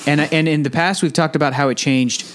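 A young man leads a casual film chat with mid-range pitch, animated and a little halting, repeating words as he gets going. His talk comes in quick bursts. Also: slight background noise. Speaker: podcast host.

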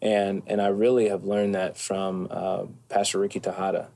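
A man speaking as an interview guest, calm and thoughtful, with occasional soft hesitations. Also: deep voice, normal speed, gravelly. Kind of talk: reflective conversation.

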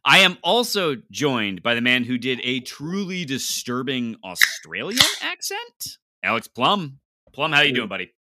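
A young man hosting a casual sports podcast, upbeat and quick with announcer-like delivery. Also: medium pitch, huge pitch swings, background noise. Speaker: podcast host.

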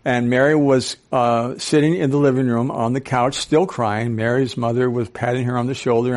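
Older male speaker, sixties, animated, audience questions, storytelling. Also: medium pitch, moderate pace, hardly any pauses. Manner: storytelling with acted-out quotes. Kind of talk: talk to a live audience.

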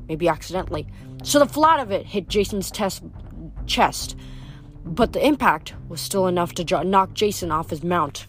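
A woman reading a novel aloud in an unhurried way, with small slips and restarts. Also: mid-range voice. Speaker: reader.

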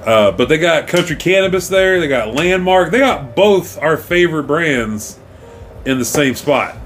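A man's voice: a little high, animated, measured pace, fairly bright tone, a little hiss or hum. A man, co-hosting a loose, swearing podcast chat and breaking into yelps and mock cheers. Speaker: podcast co-host. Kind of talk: casual stoned chat.

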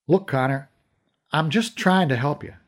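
A man voicing a calm, probing male police detective in an audiobook reading. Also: fairly high pitch, moderate pace, close to an everyday voice. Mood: coaxing. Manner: calm, coaxing.

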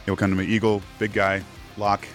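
A man's voice: fairly low pitch, level tone, fairly quick, faint music behind. A man hosting a live rugby show, chatting casually and laughing often. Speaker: podcast host.

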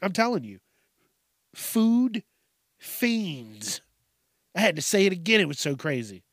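A man's voice: very animated, rapid-fire, a bit bright, no room sound. Profane rambling man, dry close sound. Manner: profane, rambling, jokey, puts on squeaky voices for kids. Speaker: news commentary host. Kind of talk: casual comedic commentary. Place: home room at a desk.

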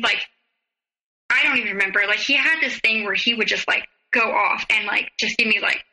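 Tearful woman, bright high voice. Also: poor audio. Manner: halting, full of "like" and "um" fillers. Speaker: podcast guest. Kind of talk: personal storytelling in an interview.

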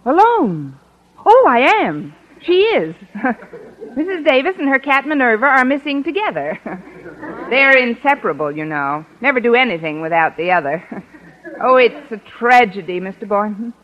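An actress playing a sly, wisecracking schoolteacher in a 1940s radio sitcom, talking in a sardonic, playfully mock-tearful way. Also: female voice, on the high side, big pitch swings, moderate pace, dull audio. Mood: teasing. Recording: old radio broadcast, studio audience laughter.

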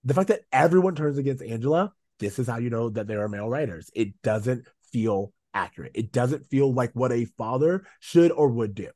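A man's voice: medium pitch, normal speed, hardly any pauses, dark tone, no room sound, studio quality. A man co-hosting a casual podcast chat, giving firm opinions and laughing easily. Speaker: podcast co-host.

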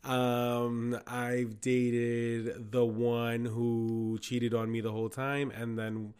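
A young man co-hosting a casual chat, talking in a relaxed, wry way about his own dating past. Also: medium pitch, extremely slow, smooth. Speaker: podcast co-host.

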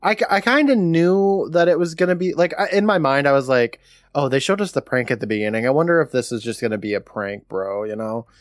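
A man's voice: mid-range voice, fairly quick, no echo, clean studio sound. A man co-hosting a podcast, retelling a horror episode in a casual, joking storytelling way. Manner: animated storytelling with a laughing, joking tone. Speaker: podcast co-host.

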